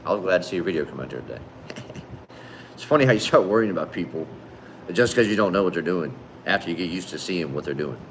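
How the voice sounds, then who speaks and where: A man with a deep, low voice chats casually on a livestream, greeting viewers with friendly, laid-back shout-outs. His speech is relaxed and conversational, peppered with "man" and "brother". A faint hum sits underneath. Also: quick pace. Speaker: livestream host. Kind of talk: casual livestream chat reading viewer comments.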